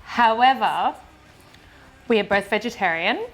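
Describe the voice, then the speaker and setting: A woman's voice: on the high side, lively intonation, unhurried, soft background music. Chatty woman walking through a recipe. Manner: explains steps plainly, with fillers and giggles. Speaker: cooking show co-host. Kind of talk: casual cooking chat. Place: home kitchen.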